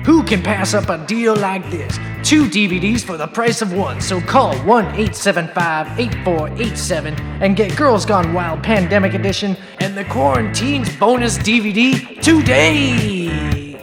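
A man voicing a sleazy late-night infomercial announcer in a raspy, smarmy hard-selling delivery for a mock commercial, over backing music. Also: high-pitched, animated, measured pace, few pauses, voice pushed up. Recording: reverberant with loud music bed.

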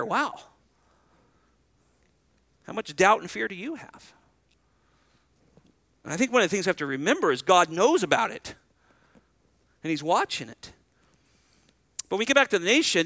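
A man's voice: high-pitched, pushed and bright, dry recording. A middle-aged man preaching a sermon as pastor, conversational, asking the congregation rhetorical questions and acting out short exchanges.

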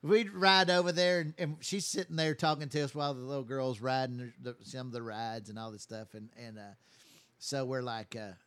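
A man's voice: medium pitch, fairly even intonation, a little fast, fairly bright tone, clean tone, no echo. Guy rambling thru a crude story, lots of restarts, dry close sound. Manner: rambling, profane, many restarts. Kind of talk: casual storytelling chat.

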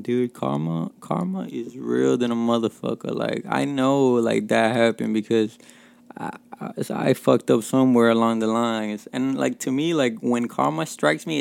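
A man's voice: mid-range voice, creaky, a little mellow, clear, resonant tone, no room sound. A man from Mexico hosting a casual podcast, telling stories in a loose, profane way, full of fillers and chuckles. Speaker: podcast host.

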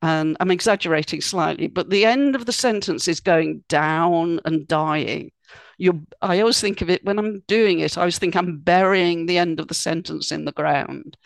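A woman's voice: on the low side, normal speed, vocal fry, no room sound. Chatty woman, dry close sound. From United Kingdom. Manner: explanatory, chatty, with frequent "um" and "you know". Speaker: guest expert. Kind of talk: podcast interview advice.

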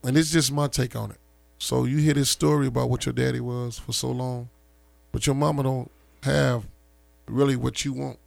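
A man with a deeply gravelly, crackling voice tells neighborhood stories in loose street slang, animated and laughing as he goes. The sound is dry and close, with no room around him. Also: normal speed, no room sound. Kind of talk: casual storytelling chat.

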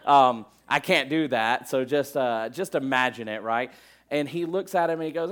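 A man's voice: medium pitch, moderate pace, a bit bright. A middle-aged male pastor preaching a sermon in a loose, conversational way, full of asides and fillers.

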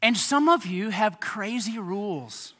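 A man in his thirties, a pastor giving a lively sermon to children and families, with chatty asides to kids and parents. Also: high-pitched, a little slow. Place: church hall. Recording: echoey hall reverb.

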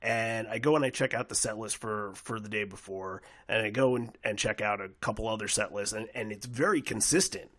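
Man hosting a relaxed music chat. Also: lowish voice. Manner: conversational, halting, repeating words as he thinks. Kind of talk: casual chat.

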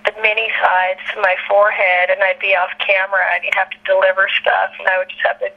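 An actress being interviewed, telling candid stories in a rambling, chatty way, full of fillers and laughter. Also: female voice, mid-range voice, level tone, quick pace, narrow, tinny audio. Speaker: actress guest.

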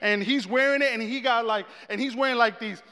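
Male preacher, high and bright, animated storyteller who acts out his quotes; long hall reverb. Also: fairly quick. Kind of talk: storytelling sermon.

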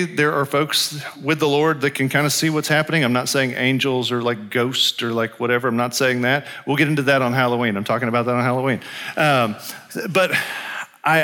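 A man's voice: medium pitch, steady tone, moderate pace, pushed and bright. A man preaching a conversational sermon as a pastor, telling personal stories and often correcting himself mid-sentence. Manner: conversational, storytelling, many self-corrections.

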